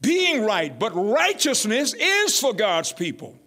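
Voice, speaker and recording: A pastor preaching a sermon, calling out to his congregation and building to shouts. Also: sits high, huge pitch swings, slow. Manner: call-and-response preaching, rising to shouts.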